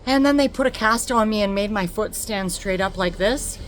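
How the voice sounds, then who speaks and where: A woman telling a personal story on her vlog, emotional and expressive, laughing often. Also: medium pitch, normal speed, slight background noise. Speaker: vlogger.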